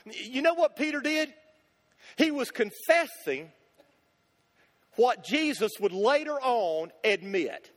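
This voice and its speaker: A man's voice: extremely high pitch, sing-song, takes it slowly, long pauses, fairly bright tone. A male pastor preaching a sermon, emphatic, driving points home with rhetorical questions and repetition. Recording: long hall reverb.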